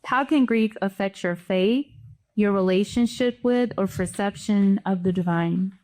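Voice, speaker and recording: Woman host, brisk and inviting, mid-pitched moderator. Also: darkish tone. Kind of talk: moderating a panel.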